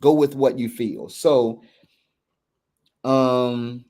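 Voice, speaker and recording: A man's voice: medium pitch, steady tone, extremely slow, a little mellow. A man, a men's coach hosting a candid talk, earnest and reflective, often restarting and checking in with "right?". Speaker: men's coach and podcast host.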